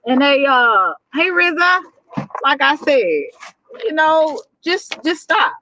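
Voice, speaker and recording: A woman's voice: high-pitched, very animated, slow pace, pushed and bright, slight background noise, poor audio. A woman with a Texan accent hosting a livestream, giving blunt, preachy relationship advice with lots of restarts. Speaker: livestream host. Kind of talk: casual livestream talk.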